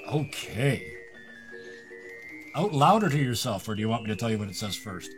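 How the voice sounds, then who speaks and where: A man's voice: on the low side, big pitch swings, normal speed, faint music behind. A man narrating as game master for a tabletop game, loose and improvised, laughing often.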